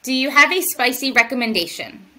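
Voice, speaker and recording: A woman's voice: high voice, animated, fairly quick, bright, forceful tone. A woman co-hosting a podcast, telling stories in casual chat and acting out the quotes. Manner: storytelling, acts out quotes. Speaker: podcast co-host.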